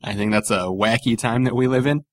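A man's voice: mid-range voice, a little fast, no room sound. A man rambling through a comedy podcast, swearing and joking with loose filler words. His voice sits in the middle range and is recorded close and dry, with no room sound. He keeps the talk loose and irreverent. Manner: rambling, profane, jokey, many fillers. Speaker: podcast co-host. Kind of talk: casual comedic chat.

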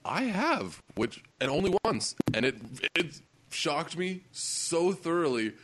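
A man's voice: on the high side, very animated, slow pace, background noise. Laid-back man telling stories. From Canada. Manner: laid-back storyteller, laughs often. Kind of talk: casual podcast chat.

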